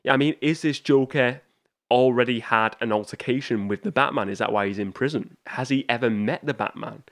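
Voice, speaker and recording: A man's voice: medium pitch, a little fast, no room sound, clean studio sound. A man hosting a podcast, talking casually and eagerly about a film. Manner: chatty, enthusiastic, many restarts and fillers. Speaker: podcast host. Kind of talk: casual film review talk.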